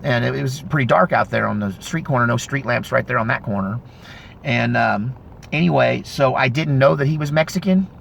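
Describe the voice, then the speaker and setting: A man in his fifties telling a story casually, in a rambling, animated way with frequent self-corrections. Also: mid-range voice, a little fast, gravelly, a little hiss or hum. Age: 50s. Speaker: vlogger.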